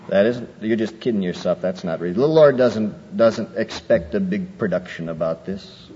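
A man preaching a sermon, lively and conversational, acting out people's excuses in a raised voice. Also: moderate pace, few pauses. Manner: animated, acts out quoted excuses in a higher voice. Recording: muffled old hall recording with faint noise.

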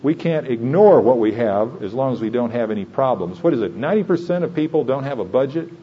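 A man's voice: mid-range voice, lively intonation, quick pace, breathy edge, lo-fi sound. A man preaching a sermon in an earnest, conversational way, building to emphatic points.

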